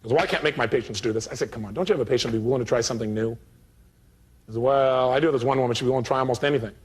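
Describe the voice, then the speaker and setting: A motivational speaker at a live seminar animatedly plays both roles in the dialogue of a story he's telling. He talks at a racing pace in a mid-range, slightly rough voice.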